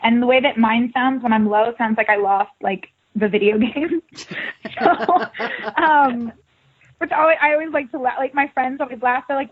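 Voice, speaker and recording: A woman's voice: a little high, normal speed. Chatty young woman on a tinny phone line. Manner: chatty, upbeat, laughs easily. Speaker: actress guest. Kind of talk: casual interview.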